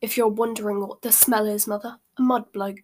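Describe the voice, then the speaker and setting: A woman's voice: medium pitch, fairly even intonation, a little fast, a little mellow, slight background noise, natural voice. A woman voicing a spoiled, sneering rich teenage boy in a storybook reading. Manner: sneering, scornful.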